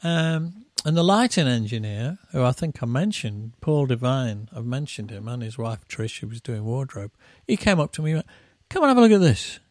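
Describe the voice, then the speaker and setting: A man's voice: mid-range voice, animated, moderate pace, few pauses, darkish tone, no room sound, studio quality. A middle-aged man, a musician guest, telling rambling tour anecdotes and acting out the quotes. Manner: rambling, with acted-out quotes and laughs. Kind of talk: anecdotal storytelling.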